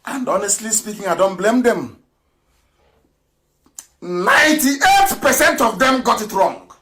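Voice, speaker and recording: Man, political radio broadcaster, high-pitched, fiery, mocking, middle-aged. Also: animated, measured pace. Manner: fiery, mocking, with bursts of shouting and laughter.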